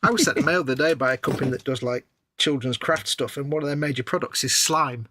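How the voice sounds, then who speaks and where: A man with a husky, slightly breathy voice and an average pitch. He rambles along in a loose, wry, chatty way, co-hosting a relaxed live stream. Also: fast talker, no echo. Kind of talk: casual chat while building models.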